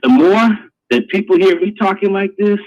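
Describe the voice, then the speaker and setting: A man's voice: sits high, moderate pace, a little mellow, lo-fi sound. A man hosting a live online talk show, ranting in a crude, preachy way. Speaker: host.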